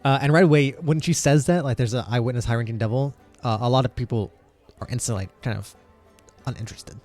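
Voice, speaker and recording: A man narrating as game master for a tabletop game, rambling with lots of fillers and slipping into quick voices for the crowd. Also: medium pitch, darkish tone, faint music behind.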